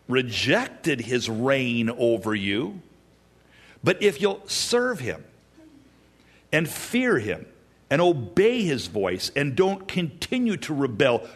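Husky-voiced man teaching from scripture. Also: medium pitch. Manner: reads scripture then paraphrases it in plain, conversational asides. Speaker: pastor. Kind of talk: expository Bible teaching.

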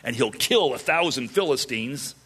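A man preaching verse by verse, animated and humorous, acting out the people in the story. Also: medium pitch, normal speed, husky. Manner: animated, acts out voices of characters with humor. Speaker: pastor. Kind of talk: expository Bible teaching.

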